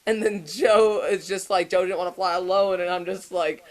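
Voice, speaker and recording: A man's voice: high-pitched, fairly even intonation, moderate pace, poor audio. A young man, a podcast co-host, telling a long story in casual, profane chat and often laughing as he goes.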